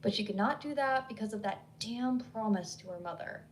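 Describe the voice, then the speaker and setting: A woman narrating a horror story in a measured, scripted reading. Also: medium pitch, a little hiss or hum, low-quality recording.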